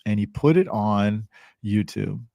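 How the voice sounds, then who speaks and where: A man guest on a podcast, telling stories in a casual, animated way and acting out the people he quotes. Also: measured pace, gravelly, no room sound. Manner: animated, acts out quoted voices with big pitch jumps. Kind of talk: casual storytelling.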